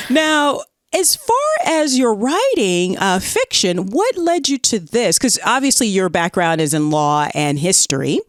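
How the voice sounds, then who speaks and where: A woman with a Southern American accent co-hosting a comedy podcast in casual chat, bubbly and quick to laugh. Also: big pitch swings, dry recording, studio quality. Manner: bubbly, laughs often, swoops up high. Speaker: podcast co-host.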